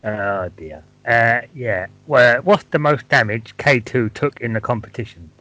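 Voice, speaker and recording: A man co-hosting a podcast, asking questions in an unhurried, drawling way. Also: mid-range voice, pushed and bright, dry recording, highs cut off. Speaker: podcast co-host. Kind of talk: casual podcast chat.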